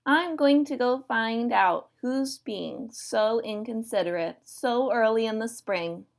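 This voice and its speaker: A woman's voice: fairly high pitch, slow pace, creaky. A woman reading aloud for children, voicing a grumpy, sleepy male possum who complains about being woken. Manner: complaining, irritated.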